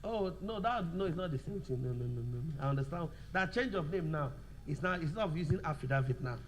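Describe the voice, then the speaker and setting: A man's voice: a little high, animated, a little hiss or hum. A male law lecturer, giving a revision class, repeating points and quizzing students with fill-in questions. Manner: slows down to dictate notes.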